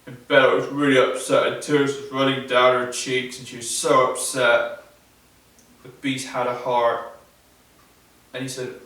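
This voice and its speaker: A male storyteller narrates a fairy tale at a live event, in plain, repetitive sentences broken by pauses. He speaks very slowly, and the sound booms around a large echoey hall, caught from well away from the mic. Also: monotone, fairly bright tone, distant mic. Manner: simple, repetitive phrasing with pauses.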